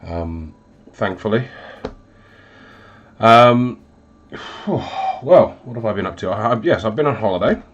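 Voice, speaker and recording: A man's voice: lowish voice, lively intonation, slow pace, long pauses, muffled recording, a little hiss or hum. Stuffed-up man rambling on stream. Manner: rambling, self-deprecating, many ums. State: stuffed up, recovering from illness. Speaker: hobby livestream host. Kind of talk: casual livestream chat while painting. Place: hot home hobby room, windows closed.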